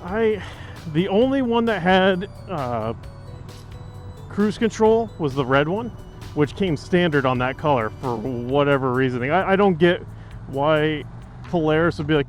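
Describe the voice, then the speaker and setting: A slightly high-voiced man riding a motorcycle through city streets, talking into his helmet mic. He rambles and cracks jokes, filling his sentences with casual asides. A faint wash of music sits underneath. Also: lively intonation, measured pace. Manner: joking, rambling, heavy on fillers. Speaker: motovlogger. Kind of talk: casual chat while riding.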